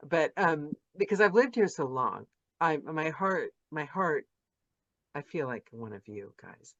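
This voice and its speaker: A woman's voice: sits low, sing-song, unhurried, dry recording. Effusive woman hosting a video call. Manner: effusive, chatty, rambling with restarts. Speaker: podcast host interviewing narrators. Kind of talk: casual video call chat. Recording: dull lo-fi video call audio.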